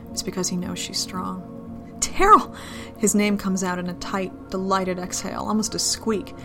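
A woman reading an adult romance story aloud in a low, intimate, steady manner. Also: creaky. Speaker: narrator.

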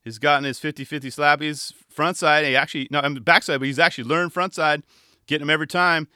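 A man's voice: a little high, fairly even intonation, fast, bright, forceful tone, dry recording, clean studio sound. A man talking casually about skateboarding commentary, laughing often and mimicking other commentators. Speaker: skateboarding podcast host and contest commentator. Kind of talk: casual monologue.

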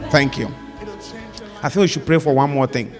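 Fervent preacher in a reverberant hall. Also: male voice, fairly high pitch, fast talker. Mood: exhorting. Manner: fervent, repetitive prayer with rising, pleading calls; conversational, scolding exhortation. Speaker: pastor. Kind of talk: sermon with led prayer. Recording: long hall reverb with faint music.

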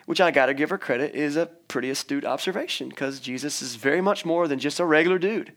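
A young male pastor gives a relaxed, conversational sermon, telling a scripture story in his own words. His voice sits a little high, and he slips into playful voices for the people in the story. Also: quick pace. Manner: conversational, acts out the characters' lines with playful voices.

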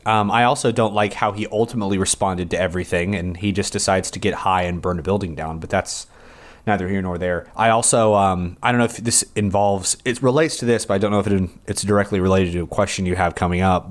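A man co-hosting a podcast, chatting casually about a TV episode, joking and thinking out loud. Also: low-pitched. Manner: animated, joking, talks through asides. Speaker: podcast co-host.

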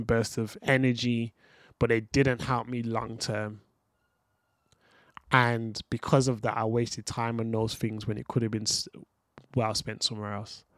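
A man's voice: mid-range voice, dry recording, studio quality. A young man hosting a motivational podcast monologue, earnest and reflective, talking straight to the listener. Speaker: podcast host.

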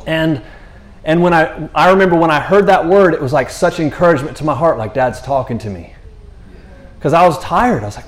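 A man telling a faith story in an animated, rambling way, often restarting and saying "you know". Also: on the high side, a little fast. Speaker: speaker sharing a faith testimony. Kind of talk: casual spoken testimony.

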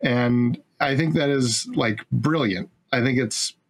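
A man with a mid-range voice talks slowly as he recounts a film scene by scene in a casual chat. Laughing frequently and cursing freely, he acts out what the characters say.

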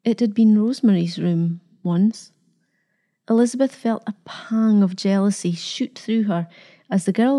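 Female storybook narrator, calm and measured, with a warm, dark tone. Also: medium pitch. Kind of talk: storybook reading.

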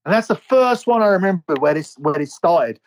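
A man's voice: high-pitched, animated, a little fast, rough recording. A man co-hosting a podcast in casual chat, rambling and restarting his sentences in a start-stop way. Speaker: podcast co-host.

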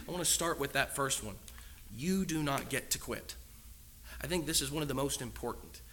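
A man delivers a sermon in a bright, forward voice that sits a little high for a man. He presses each point with earnest emphasis and keeps turning to the congregation with rhetorical questions. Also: a little hiss or hum. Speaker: preacher.

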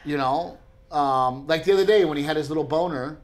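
A man in his thirties, speaking a little high and fairly quickly, co-hosts a casual podcast chat. He's an animated storyteller who acts out lots of character voices.

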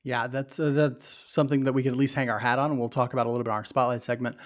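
A man's voice: mid-range voice, fairly even intonation, very fast. A man co-hosting a casual sports podcast, breaking down stats and reading a sponsor spot. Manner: analytical, reads ad copy and stats. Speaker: podcast co-host.

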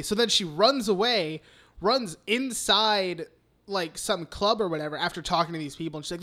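Bright, high-voiced young podcast host. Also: male voice, moderate pace. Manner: rambling, profane, heavy use of "like". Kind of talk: casual chat recapping a film.

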